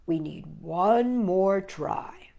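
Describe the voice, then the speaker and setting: A woman doing a calm, low-voiced storybook frog. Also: creaky, heavily acted. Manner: low, slow, calm and reassuring. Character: patient steady male frog, encouraging friend. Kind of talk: storybook read-aloud.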